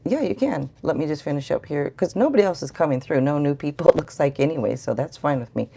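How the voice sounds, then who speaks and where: A woman's voice: low voice, expressive, fast talker, creaky, heavy background noise. A middle-aged woman giving a rambling, chatty live tarot reading and talking to viewers in the chat. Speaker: tarot reader.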